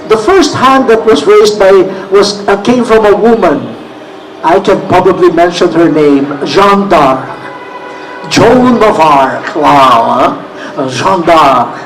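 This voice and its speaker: A man in his sixties with a Filipino accent, telling a story slowly and deliberately in a talk, with emphasis that rises at the tense moments. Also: sits high. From Philippines. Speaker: cardinal giving a talk. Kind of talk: storytelling address. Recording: distant mic with faint room noise.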